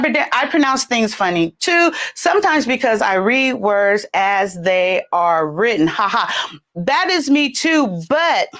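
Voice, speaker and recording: Middle-aged Southern woman, talkative livestream host, giggly, voice leaps up high when excited. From California. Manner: chatty, laughs often, animated pitch jumps. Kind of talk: casual livestream chat.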